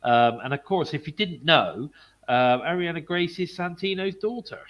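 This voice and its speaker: A man's voice: fairly high pitch, expressive, normal speed, highs cut off. A British man co-hosting a wrestling review podcast, reading match recaps with plenty of fillers. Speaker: podcast co-host. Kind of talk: casual wrestling review chat.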